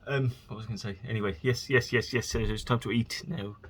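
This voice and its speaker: A man's voice: lowish voice, fairly even intonation, fast talker, breathy edge. A man talking in a casual solo monologue, rambling and chatty with frequent restarts as he tells stories. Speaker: vlogger.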